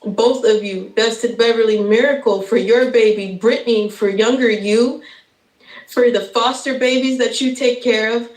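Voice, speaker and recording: A woman's voice: fairly high pitch, steady tone, normal speed, darkish tone, reverberant, rough recording. A woman in her thirties giving an impassioned speech as a guest on a live stream, emotional and stumbling, with nervous laughs. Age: 30s.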